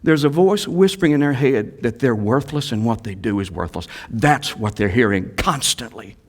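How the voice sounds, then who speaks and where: A male pastor preaching a sermon, swinging from quiet asides to loud exhortations and repeating key phrases for emphasis. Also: medium pitch, expressive, moderate pace.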